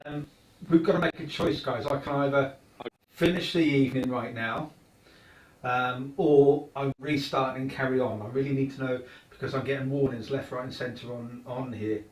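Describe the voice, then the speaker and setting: A man co-hosting a live studio show, explaining things in a rambling, halting way with many fillers. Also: mid-range voice, fairly even intonation. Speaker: studio co-host. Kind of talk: live paranormal show talk. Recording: roomy studio, mic at a distance.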